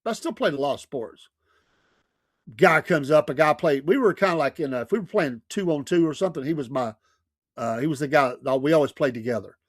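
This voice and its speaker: A man's voice: fairly high pitch, fairly quick, no echo, clean studio sound. Chuckling man telling neighborhood stories. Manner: animated, laughs often, acts out quoted voices. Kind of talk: casual storytelling.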